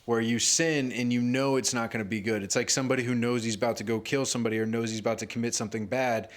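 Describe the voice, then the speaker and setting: A man's voice: fairly even intonation, fast talker. Rambling male comedian on a podcast. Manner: rambling, filler-heavy, acts out quotes with rising pitch. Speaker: podcast co-host and stand-up comedian. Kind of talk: casual podcast chat.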